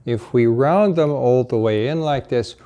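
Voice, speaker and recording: A man's voice: medium pitch, a little slow, warm tone, smooth. A man teaching pronunciation, modeling vowels and short words patiently, one at a time. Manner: patient and encouraging. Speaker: language teacher. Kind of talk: slow pronunciation drill lesson.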